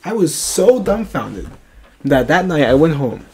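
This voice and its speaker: A young man co-hosting a casual podcast, telling a story in an animated, profane way. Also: on the high side, measured pace. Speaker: podcast co-host.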